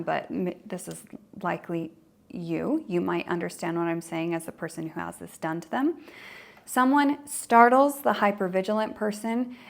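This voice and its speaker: Woman podcast host, trauma coach, middle pitch with some gravel, conversational, explains with acted-out quotes. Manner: conversational, acts out quoted inner voices.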